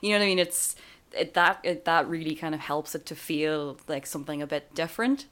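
A woman's voice: low-pitched, a little fast, a bit bright. A woman co-hosting a podcast, chatting casually about a film with many fillers and restarts. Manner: chatty, laughs often, trails off with fillers. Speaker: podcast co-host.

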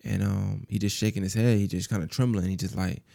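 A man's voice: on the low side, fairly even intonation, a little fast, creaky, dark tone, no room sound, clean studio sound. A man hosting a podcast, telling a personal story in a casual, rambling way, full of fillers and repeated phrases. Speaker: podcast host.

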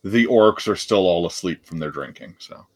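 A man's voice: deep voice, animated, moderate pace, no echo. A man acting as game master, narrating a tabletop game in a laid-back way and chuckling often.

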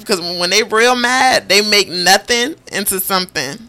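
A woman's voice: mid-range voice, a little slow, pushed and bright. A woman guesting on a podcast, giving blunt, emphatic opinions in casual chat.

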